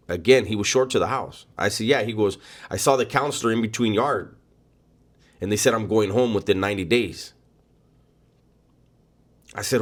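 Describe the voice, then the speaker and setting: Man, lowish voice, casual storytelling, blunt, profane, street slang. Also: normal speed, long pauses. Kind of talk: casual first-person storytelling.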